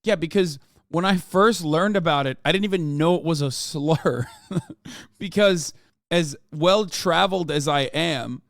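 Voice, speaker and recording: A man's voice: a little high, measured pace, gravelly, dry recording, studio quality. An American man in his thirties doing heated, profane live-stream commentary, reading chat and articles aloud. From United States. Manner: heated and profane, slips into a mock British banter voice.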